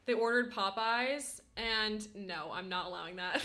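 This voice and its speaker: In an unhurried, medium-pitched voice that sounds pushed and bright, a woman chats casually with her stream viewers. She laughs a lot and keeps slipping into giggling fits while faint music plays behind her.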